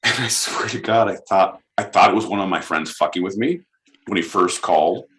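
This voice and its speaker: Californian guy, low-ish voice, casual, excitable podcast co-host. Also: brisk, low-quality recording. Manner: rambling, excitable, swearing, many restarts. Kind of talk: casual chat.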